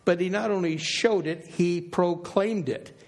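Emphatic, slightly high-voiced male preacher. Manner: emphatic, repeats phrases for weight, slows on key words. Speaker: pastor. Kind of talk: sermon.

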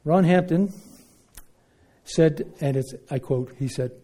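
Male preacher, kinda slow and mellow-toned, punchy then suddenly quiet. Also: fairly high pitch. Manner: emphatic, swings between loud and hushed. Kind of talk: sermon.

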